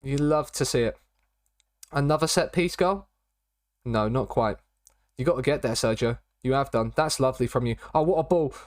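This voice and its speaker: A young Englishman talks casually through his live stream, rambling between thoughts and repeating pet phrases. His voice sits at an ordinary middle pitch. It is recorded close on a desk mic with no room sound. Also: normal speed, long pauses, no echo. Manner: chatty, rambling, repeats catchphrases.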